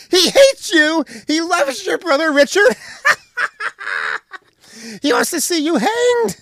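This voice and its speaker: Host putting on a squeaky giggly sheriff guy, loud and high, dry sound. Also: no echo, full character voice. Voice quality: high-pitched laughing voice. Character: cackling sheriff man giggling out bad news.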